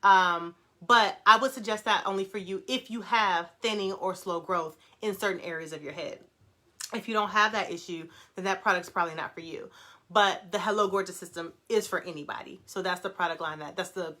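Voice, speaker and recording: A young woman hosting a casual livestream, reading viewer comments aloud and answering them in a fast, animated way with frequent laughter. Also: fairly low pitch. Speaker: brand founder hosting a live Q&A.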